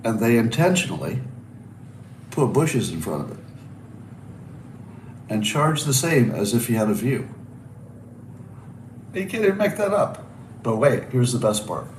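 A man's voice: mid-range voice, animated, normal speed, pauses often, slight background noise. A man in his sixties hosting a casual solo livestream from a hotel room, telling stories wryly with rhetorical asides. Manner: wry, storytelling with rhetorical asides and restarts. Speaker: podcast host. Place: hotel room with balcony by the ocean. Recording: roomy echo, mic at a distance, faint ambience.

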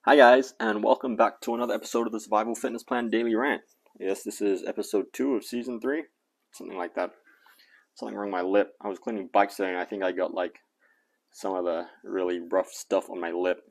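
A man's voice: fairly low pitch, steady tone, brisk. An Australian man whose accent has drifted toward American, hosting a fitness channel in a casual, rambling vlog rant that is full of self-corrections and chuckles. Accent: Australian mixed with American.

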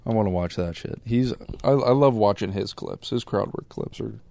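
A man's voice: on the low side, normal speed, gravelly, mellow, no room sound. A young man co-hosting a podcast, chatting easily and calling his friend "man" and "dude". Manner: easygoing, says "man" and "dude" a lot. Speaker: podcast co-host. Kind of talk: casual chat.

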